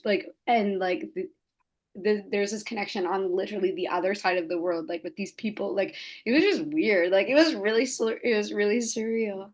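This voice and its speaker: A young woman from the Canadian Maritimes, a podcast guest telling animated stories full of fillers and quoted voices. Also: medium pitch, brisk. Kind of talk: casual chat.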